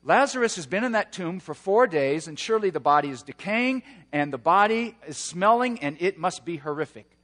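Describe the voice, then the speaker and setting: Dynamic male preacher, fairly high voice. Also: expressive, brisk, few pauses, in a large hall. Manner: dynamic preaching, swings from hushed to shouting. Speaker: pastor. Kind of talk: sermon.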